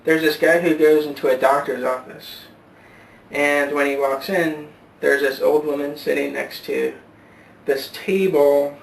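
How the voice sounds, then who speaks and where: A man's voice: on the high side, little pitch movement, vocal fry. Rambling man telling a joke, echoey room. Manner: halting, rambling, many fillers and restarts. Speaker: vlogger. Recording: roomy echo, far from mic, faint hiss.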